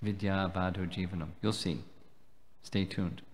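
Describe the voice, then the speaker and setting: A low-voiced man delivers a measured devotional lecture, pausing to explain each point. His voice rings out with a long reverb that fills the temple hall. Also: little pitch movement. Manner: measured, explanatory, slow and deliberate. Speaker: swami lecturing at a festival.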